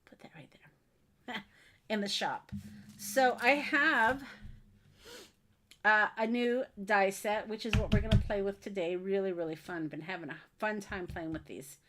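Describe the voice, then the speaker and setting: A woman's voice: medium pitch, a little slow, background noise. A woman chats with her viewers during a live craft stream. She talks in a friendly, rambling way, full of ums and little asides, from her craft desk at home. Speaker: craft livestream host. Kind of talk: casual live-stream chat.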